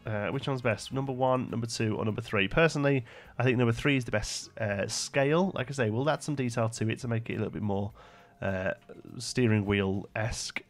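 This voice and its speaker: A man's voice: medium pitch, brisk, hardly any pauses, faint music behind. Chatty male game streamer thinking aloud. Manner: thinks aloud, answers chat, frequent fillers. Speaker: live-streamer building in a park-building game. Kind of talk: casual live-stream commentary.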